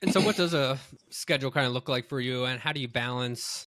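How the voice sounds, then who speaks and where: Male interviewer with a bright, forward tone; casual, meandering questions, dry close mic. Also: mid-range voice, brisk, no echo. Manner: loose, searching phrasing with many fillers. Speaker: podcast host.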